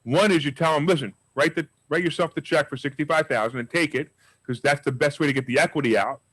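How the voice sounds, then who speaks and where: Fast-talking, energetic male instructor. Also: a little high, no echo, poor audio. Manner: energetic, emphatic storyteller. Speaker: real estate investing instructor. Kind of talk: live class with questions.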